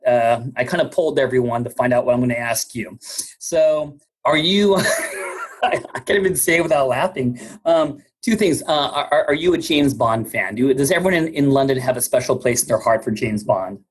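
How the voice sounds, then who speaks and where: A man hosting a podcast interview in a jovial, casual way, laughing often and stumbling over his words. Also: mid-range voice. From United States. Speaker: podcast host.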